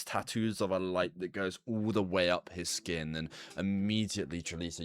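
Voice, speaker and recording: A man runs a tabletop game, narrating the scene in an unhurried, descriptive way. His voice is deep and his pace slow. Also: a bit bright. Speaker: game master.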